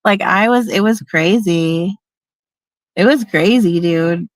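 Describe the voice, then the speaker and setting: A woman's voice: medium pitch, takes it slowly, dry recording. A middle-aged woman telling a personal story in a candid, emphatic, casual way, now and then swearing and acting out what people said.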